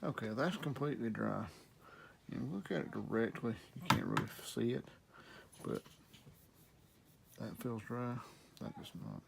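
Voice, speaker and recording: A middle-aged man with a Southern US accent, casually demonstrating guitar care in a relaxed, rambling way while he works. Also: mid-range voice, a little slow, gravelly, pauses often, background noise. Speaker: guitar repair instructor.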